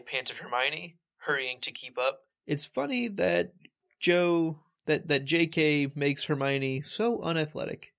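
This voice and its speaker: Male podcast co-host, casual reread chat, dry humor, halting delivery. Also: fairly high pitch, animated, gravelly, a bit bright. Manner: wry, jokey, halting restarts. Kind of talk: casual book discussion.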